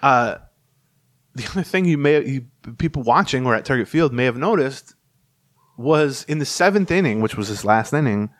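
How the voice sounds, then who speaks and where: A man co-hosting a casual talk podcast, telling stories in an animated way and laughing often. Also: mid-range voice, normal speed. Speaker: podcast co-host. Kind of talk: casual chat.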